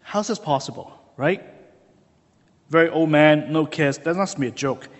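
A man preaching a sermon, telling the story with lively, animated delivery and acting out quoted voices. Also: on the high side, normal speed, big-room sound. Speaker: pastor.

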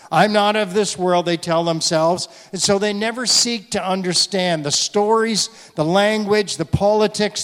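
A man with a high, light voice preaches to a congregation in a church. His words carry a long reverb from the large hall around him. He talks in an easy, conversational way and draws answers from the room. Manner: conversational, asks the congregation questions. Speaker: guest preacher. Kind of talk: sermon. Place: church sanctuary.

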